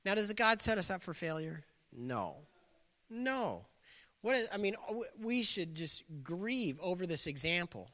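A man's voice: high voice, very animated, measured pace, pushed and bright. A man preaching a sermon in a casual, conversational way, slipping into voices of the people in the story. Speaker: pastor. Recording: long hall reverb.

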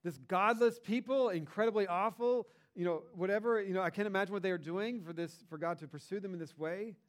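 A middle-aged man preaching a sermon as a pastor, talking in a conversational, animated way with lively emphasis. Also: high voice, a little fast.

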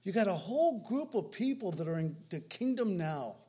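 A man preaching a sermon in a conversational way, with frequent restarts and swings between loud emphasis and quiet asides. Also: high voice, big pitch swings, moderate pace, slightly rough. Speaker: pastor.

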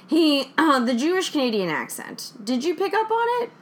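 A woman's voice: high voice, big pitch swings, normal speed. A woman co-hosting a casual podcast chat, digressive and emphatic with a playful edge. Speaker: podcast co-host.

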